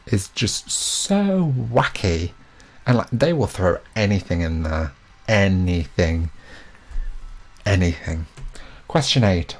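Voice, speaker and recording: A man's voice: deep voice, gravelly. A young man hosting a live quiz, chatty and joking, with self-mocking asides between questions. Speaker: quiz host.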